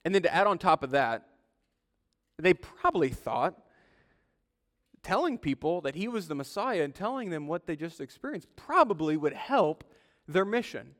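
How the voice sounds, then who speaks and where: A man in his thirties, a pastor preaching in a casual storytelling way. His voice sits a little high for a man. The sound rings out with long reverb from the hall. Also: very animated, moderate pace, pauses often, a bit bright. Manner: conversational storytelling, acts out quoted voices. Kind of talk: sermon.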